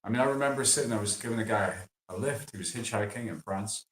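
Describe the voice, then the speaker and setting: A man's voice: lowish voice, fast talker. A man who makes chocolate, chatting casually and telling stories in a loose, trailing way. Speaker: chocolate maker. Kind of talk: casual interview chat. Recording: echoey room with faint noise.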